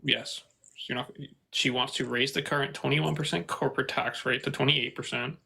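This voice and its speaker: A man in an online debate who reads tax figures aloud in a hesitant, halting way. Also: mid-range voice, fairly even intonation, gravelly, sharp tone, slightly rough, low-quality recording. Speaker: debate opponent.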